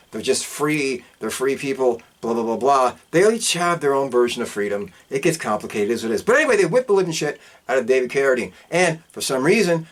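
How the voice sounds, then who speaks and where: A man hosting a film review podcast, recapping a plot in a loose, profane way with throwaway asides. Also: a little high.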